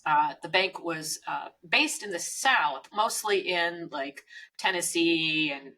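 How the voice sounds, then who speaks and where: A woman's voice: on the low side, expressive, slow, bright, forceful tone, a little hiss or hum, low-quality recording. A woman co-hosting a business podcast, telling workplace stories in a chatty way with frequent fillers. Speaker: podcast co-host.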